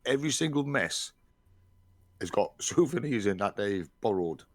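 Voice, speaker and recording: A man's voice: fairly low pitch, animated, moderate pace. A man co-hosting a podcast, retelling military history earnestly and often repeating words as he searches for them. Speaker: podcast co-host. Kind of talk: casual chat.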